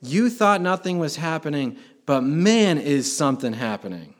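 A man's voice: on the high side, expressive, moderate pace. A man preaching a sermon as pastor, talking conversationally and swelling to emphatic bursts.

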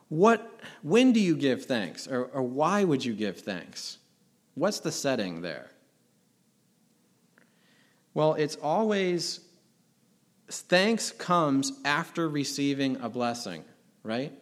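A man's voice: a little high, very animated, slow, pauses often. A middle-aged man, a pastor, preaching a sermon in an earnest, emphatic way, asking rhetorical questions.

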